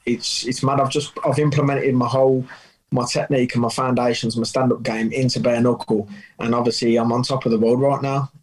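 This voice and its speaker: A man's voice: medium pitch, level tone, brisk, rough recording. A man from England, a guest fighter speaking plainly in a remote interview.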